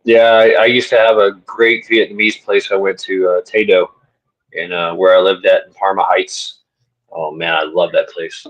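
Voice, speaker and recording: A man's voice: deep voice, level tone, normal speed, poor audio. A man hosting a livestream in casual chat, rambling, laughing and swearing easily. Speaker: livestream host.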